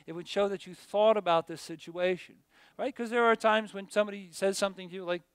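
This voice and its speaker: A middle-aged male teacher talks through a lesson in a loose, chatty way, restarting his sentences and checking in with "right?". His voice sits a little high and sounds smooth and clear. The sound is dry and close. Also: steady tone, fast talker, no echo. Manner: conversational, rambling with many restarts and checks like "right?". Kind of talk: classroom lecture. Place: classroom.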